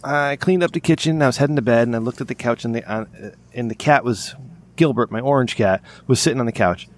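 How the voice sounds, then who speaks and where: A man's voice: medium pitch, fast talker. A man hosting a casual podcast, talking in an ordinary mid-range voice. He rambles through a profane story, stumbling over his words and restarting his sentences. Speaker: podcast host.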